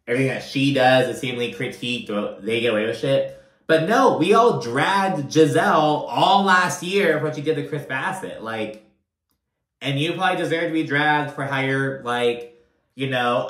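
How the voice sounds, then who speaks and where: A man talking in a mid-range voice through a gossipy recap. He is animated and profane, with constant "like"s. The sound is roomy and echoey. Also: mid-range voice, moderate pace. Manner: animated, profane, lots of "like" and "you know what I mean". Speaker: reality TV recap host. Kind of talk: casual recap commentary. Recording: roomy echo.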